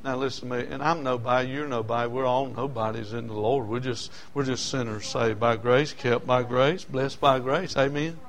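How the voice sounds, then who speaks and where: A man's voice: mid-range voice, fairly even intonation, moderate pace, hardly any pauses. A man preaching a sermon, telling personal stories in a folksy way and building to emotional peaks.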